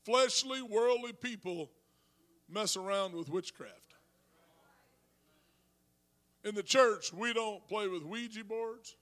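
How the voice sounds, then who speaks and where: Pastor, male, high voice, conversational sermon with loud peaks. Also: a little slow. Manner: rising to shouted preaching; talks to congregation with asides.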